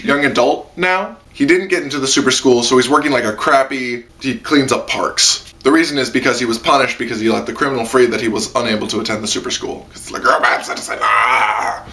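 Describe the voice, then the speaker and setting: A man giving a casual spoken anime review, rambling with lots of fillers. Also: pushed and bright. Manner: rambling, heavy on fillers, jumps into high-pitched mock quotes.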